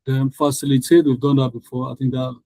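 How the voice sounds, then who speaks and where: Patient male English tutor, warm dry voice. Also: medium pitch, level tone, a little fast, no echo, rough recording. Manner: patient, repeats each rule for the class. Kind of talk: online class teaching.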